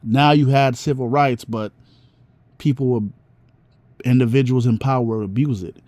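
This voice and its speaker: Mellow man rambling casually. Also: mid-range voice, steady tone, normal speed, no echo. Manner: rambling, with restarts and slang. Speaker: vlogger. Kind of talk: casual monologue.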